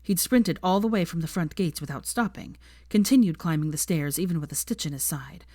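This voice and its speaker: A woman reads fan fiction aloud with steady, expressive storytelling. Her voice is on the low side, and the recording is dry with no room sound. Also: fairly quick, dry recording. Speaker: narrator.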